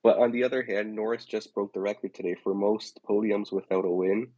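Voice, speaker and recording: A man co-hosting a casual chat, giving measured, thoughtful opinions. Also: on the low side, fairly even intonation, mellow, no echo, poor audio. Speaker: podcast co-host.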